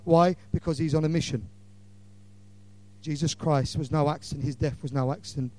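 A middle-aged man preaching an impassioned evangelistic sermon, swinging between loud declarations and hushed lines. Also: fairly high pitch, fairly even intonation, normal speed.

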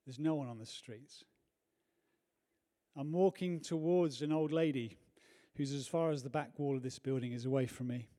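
A man preaching a sermon in a church, telling a personal story earnestly, moving from hushed to loud. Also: medium pitch, moderate pace.

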